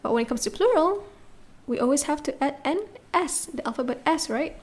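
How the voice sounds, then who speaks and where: Patient woman teaching French, slightly high voice. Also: lively intonation, fairly quick, a little mellow. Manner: patient, spells words letter by letter, checks with "okay?" and "right?". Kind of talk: classroom lesson explaining grammar.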